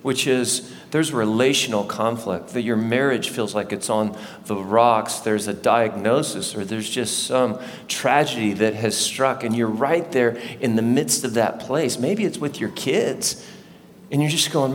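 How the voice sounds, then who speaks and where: A man's voice: mid-range voice, a little slow. Man preaching in a reverberant church hall. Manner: conversational, asks the congregation questions. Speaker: lead pastor. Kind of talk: sermon. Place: church sanctuary before a live congregation. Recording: long hall reverb, faint background noise.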